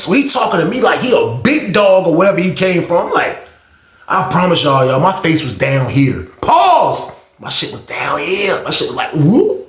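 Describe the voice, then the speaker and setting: A man telling a prison story to his viewers, animated and profane, talking straight to the audience. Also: fairly high pitch, normal speed. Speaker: storyteller, channel host. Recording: roomy echo.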